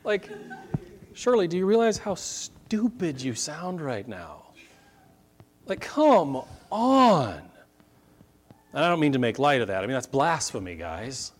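A middle-aged man preaching a sermon, swinging from quiet asides to loud, emphatic points. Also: a little high, huge pitch swings, a little slow. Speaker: pastor.

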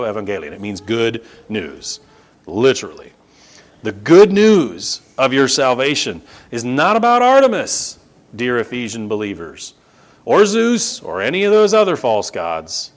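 A middle-aged man preaches a sermon, his pitch rising and falling a great deal as he presses each point. He piles up emphatic repetitions and throws in sarcastic asides. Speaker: pastor.

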